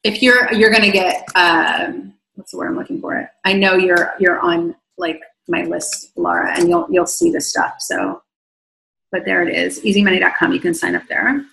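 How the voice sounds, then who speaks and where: A woman coaching viewers on a livestream, reading their comments aloud and answering at length. Her voice is gravelly with vocal fry and is wearing thin after talking for a long time. The sound carries the echo of the room around her. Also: on the low side, steady tone, moderate pace, slight background noise. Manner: effusive, rambling, warm toward viewers. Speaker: online coach.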